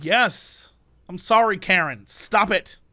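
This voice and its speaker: A man co-hosting a podcast, ranting and telling stories in an animated casual chat. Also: high-pitched, takes it slowly, no echo, clean studio sound. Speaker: podcast co-host.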